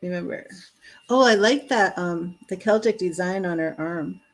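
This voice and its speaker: A woman's voice: lowish voice, normal speed, rough recording. A woman hosting a live-streamed tarot reading, chatting casually, laughing often and reading card messages aloud. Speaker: tarot reader.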